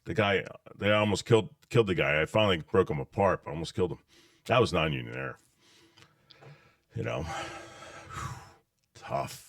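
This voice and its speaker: A man hosting a casual chat, telling animated stories and laughing often. His voice is very low. The sound is dry. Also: fast, dry recording. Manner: animated storyteller, laughs often, calls people dude. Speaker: podcast host.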